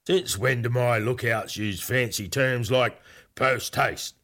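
A man's voice: mid-range voice, slow, a bit bright. A man voicing a wry male pirate captain who muses dryly in a storybook reading.

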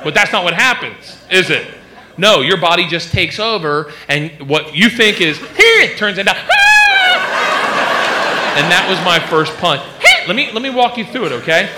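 A male stand-up comedian in animated storytelling with vocal sound effects, in a live comedy club. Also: high-pitched, brisk, very noisy.

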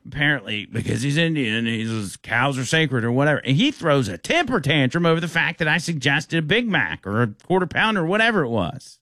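A man's voice: medium pitch, brisk, few pauses, dry recording, clean studio sound. A man hosting a radio talk show, telling a story casually and acting out the people in it. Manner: animated, acts out the people in his stories.

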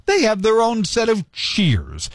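A man hosting a morning radio talk show, giving his opinion in an earnest, animated way and jumping high when he acts out crowd chants. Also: takes it slowly, no echo. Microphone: studio microphone.

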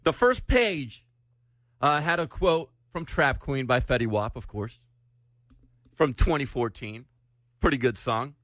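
A man's voice: mid-range voice, expressive, a little slow, pauses often, a bit bright, no room sound, clean studio sound. A man hosting a casual radio show, telling news stories in a chatty way. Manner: chatty, storytelling news items. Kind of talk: casual morning radio chat.

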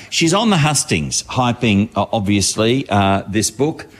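A man doing a chatty entertainment gossip segment on radio. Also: fairly low pitch. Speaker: entertainment reporter.

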